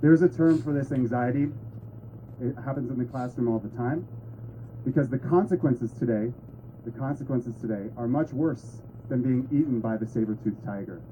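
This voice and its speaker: A man's voice: medium pitch, moderate pace, warm tone, a little hiss or hum, rough recording. A man giving a talk to an audience in a conversational way with playful asides. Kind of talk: presentation to an audience.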